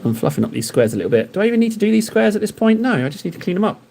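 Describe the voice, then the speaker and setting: A man's voice: high-pitched, big pitch swings, very fast, vocal fry, a little mellow. A man with a slightly raised voice chats to his live audience while he paints miniatures. He rambles from one thought to the next, teasing viewers and poking fun at himself in loose, playful banter. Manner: rambling, joking banter with chat; self-deprecating. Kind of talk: casual live-stream chat while painting.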